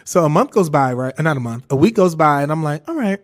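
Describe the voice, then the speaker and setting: A young man, on the higher side for a man's voice, hosting his own podcast. He tells a personal story in casual, profane chat and laughs along the way. When he quotes what he said, his voice leaps up into an excited falsetto. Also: fast. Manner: animated, jumps to high falsetto when quoting himself; swears freely, laughs through the story. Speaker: podcast host.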